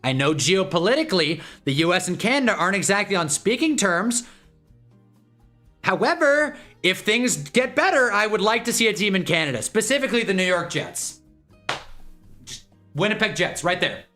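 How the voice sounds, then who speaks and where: A man's voice: sits high, animated, fairly quick, bright, forceful tone, soft background music. A man hosting a casual livestream watch-along, rambling and joking and laughing often. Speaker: livestream host.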